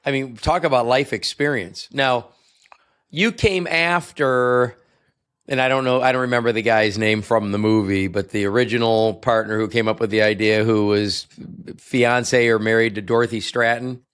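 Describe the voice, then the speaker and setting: A man's voice: mid-range voice, fairly even intonation, moderate pace, a bit bright, clear, resonant tone. A man hosting a casual interview, prompting his guest with brief questions. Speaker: interview host.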